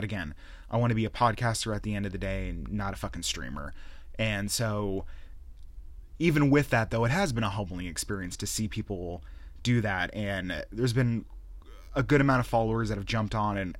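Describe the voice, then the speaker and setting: A man's voice: on the low side, dry recording. A young man hosting a gaming podcast alone, ranting casually and swearing a lot as he tells stories. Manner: profane, ranting, animated storytelling. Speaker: podcast host. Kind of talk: casual solo rant.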